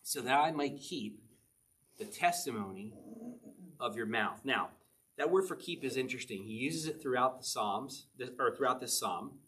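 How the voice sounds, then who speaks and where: A middle-aged man delivers a relaxed, conversational sermon as a pastor. His voice sits at an ordinary male pitch, and he talks to the congregation like he's chatting with friends, tossing in quick "okay?" checks as he goes. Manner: conversational, chatty preaching with frequent "okay?" asides.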